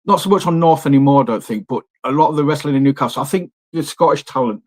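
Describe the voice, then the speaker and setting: A man's voice: a little high, quick pace, dry recording. A man hosting a podcast in easygoing conversation, chatty and enthusiastic, with plenty of fillers and restarts. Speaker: podcast host. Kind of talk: casual wrestling podcast chat.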